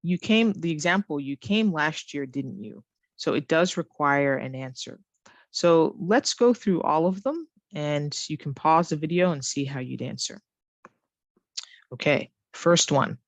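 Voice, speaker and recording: A woman teaching an online English lesson who reads example sentences slowly and with exaggerated rising and falling intonation. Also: low voice, lively intonation, dry recording.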